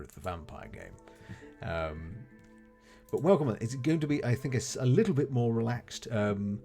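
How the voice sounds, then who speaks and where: Playing a game on a live stream, this man welcomes viewers and keeps up friendly, chatty talk, dropping phrases like "goodness gracious." His voice sits at a medium pitch and is a little mellow.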